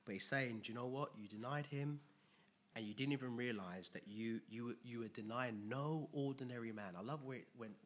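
A man preaching a sermon in a conversational way, dropping to quiet asides and rising to loud emphatic bursts. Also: medium pitch, normal speed.

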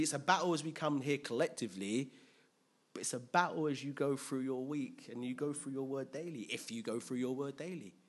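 Animated preacher, husky voice. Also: male voice, mid-range voice. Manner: animated, storytelling, acts out scenes. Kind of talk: sermon.

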